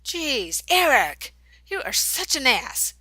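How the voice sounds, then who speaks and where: A woman's voice: mid-range voice, expressive, moderate pace, pushed and bright, no echo. A woman voicing a polite, easygoing skinny teenage boy in an audiobook. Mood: friendly. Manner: easygoing, apologetic.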